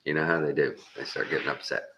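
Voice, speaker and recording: A man's voice: extremely low pitch, level tone, fast talker, pushed and bright, a little hiss or hum. A Texan man in his fifties telling a rambling, folksy story with frequent chuckles. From Texas. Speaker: vlogger. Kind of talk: casual storytelling.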